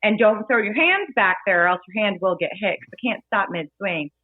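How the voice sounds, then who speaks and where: A woman bartender telling lively, playful stories as a guest in a casual interview. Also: medium pitch, fairly quick, breathy edge, no room sound. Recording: dry phone-like audio.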